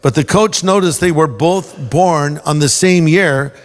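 A pastor delivering a sermon with folksy, joking storytelling. His voice is high for a man, and it rings with a long hall reverb. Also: a little slow.

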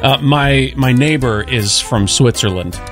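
A man's voice: mid-range voice, unhurried, a bit bright, soft background music. A man hosting a radio morning show, telling a story in casual, rambling chat.

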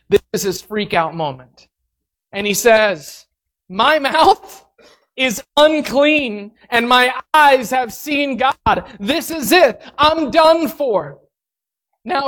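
A woman preaching a sermon, acting out reactions in an animated, expressive way. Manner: animated, acts out reactions with big pitch swings.

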